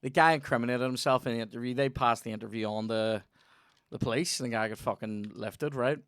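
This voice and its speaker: Young Northern Irish podcast host, mid-pitched, animated sweary anecdotes, dry close mic. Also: male voice, fairly quick, smooth, no room sound. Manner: swears a lot, tells animated stories. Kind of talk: casual chat.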